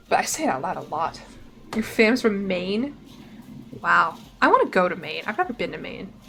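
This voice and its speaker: A woman with a Southern accent streams a strategy game, chatting loosely with her viewers. She reads the game's event text aloud between wry asides. Her voice sits at a middle pitch over a faint background hum. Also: fairly bright tone. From Tennessee, US.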